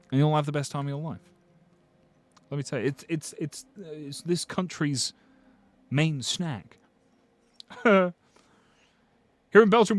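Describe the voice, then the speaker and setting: A man streaming, casually chatting and joking as he reads viewer comments, swearing freely and restarting his sentences. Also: a little high. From United Kingdom. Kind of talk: casual livestream chat reading viewer comments.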